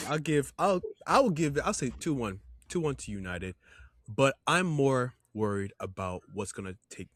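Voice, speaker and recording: A man's voice: fairly low pitch, a bit bright, no echo. A man co-hosting a football podcast, speaking in earnest casual chat. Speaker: podcast co-host.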